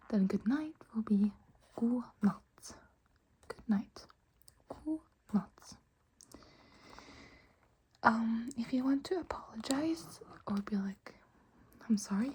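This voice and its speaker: Slow, mellow whispering woman teacher. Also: medium pitch, breathy edge. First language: Norwegian. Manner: soft whispering, patient slow repetition of words. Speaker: language teacher. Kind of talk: whispered ASMR lesson.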